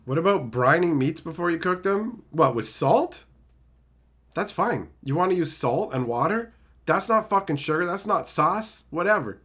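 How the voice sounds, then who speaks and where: Lively, foul-mouthed ranting man. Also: a little high, moderate pace, husky. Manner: loud, swearing, insulting rants; reads chat comments aloud and mocks them. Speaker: streamer. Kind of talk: profane livestream rant.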